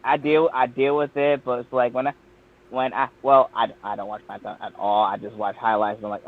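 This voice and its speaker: Animated man on a tinny line. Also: medium pitch, a little fast. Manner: animated, profane, stumbling restarts. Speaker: podcast panelist. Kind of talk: casual chat.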